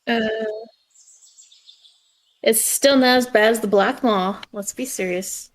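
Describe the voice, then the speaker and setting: A woman's voice: fairly high pitch, takes it slowly. A woman playing a tabletop game, casual and a little hesitant. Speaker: player.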